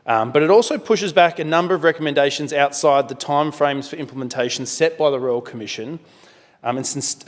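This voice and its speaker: Australian male politician, mid-pitched, addresses the chamber with a long room echo, measured and full of fillers. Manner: measured, many fillers and self-corrections. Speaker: member of parliament. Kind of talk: parliamentary speech. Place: parliament chamber.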